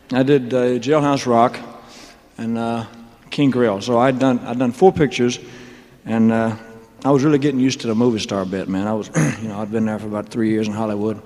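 Man, thirties, singer on stage, rambling joking monologue, mid-pitched voice, long concert-hall reverb. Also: a little mellow, slight background noise. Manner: loose, joking, drawling asides full of "man" and "you know". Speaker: singer telling his career story on stage.

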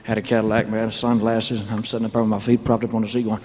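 A man's voice: lowish voice, little pitch movement, fast talker, darkish tone. A man in his thirties, a singer, telling his career story on stage in a loose, joking, rambling way, full of "man" and "you know". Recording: long hall reverb.

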